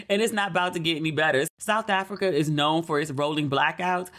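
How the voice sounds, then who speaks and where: A middle-aged American woman hosting a podcast, chatting casually and acting out the people in her stories. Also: low voice. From United States. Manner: chatty storytelling, acts out quoted people in a raised voice. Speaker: podcast host. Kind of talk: casual chat.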